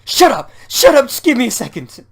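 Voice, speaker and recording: A man with a British accent voicing an unhinged, murderous young woman gambler who flips from quiet calm to rage in a text adventure. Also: on the low side, moderate pace. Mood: furious.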